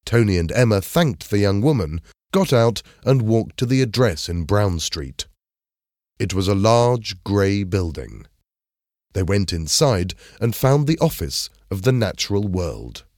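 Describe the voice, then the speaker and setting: A man reading a simple story aloud in clear, measured narration. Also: lowish voice, sing-song, darkish tone, no room sound, clean studio sound. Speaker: storybook reader. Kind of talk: scripted narration of a graded reader.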